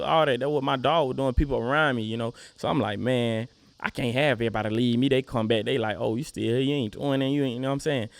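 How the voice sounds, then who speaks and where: A man's voice: medium pitch, dry recording. A young man with a Southern US accent, a rapper talking casually as an interview guest, laid-back and full of "you know what I'm saying".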